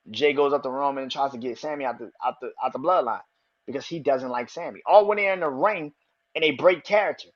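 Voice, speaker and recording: A man hosting a podcast, talking excitedly and with a lot of swearing, repeating his predictions for emphasis. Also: mid-range voice, highs cut off. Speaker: podcast host. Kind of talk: casual wrestling commentary.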